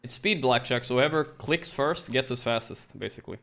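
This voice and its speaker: A male streamer giving live gambling commentary, excitable and profane, swinging between low grumbles and sudden outbursts. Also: moderate pace.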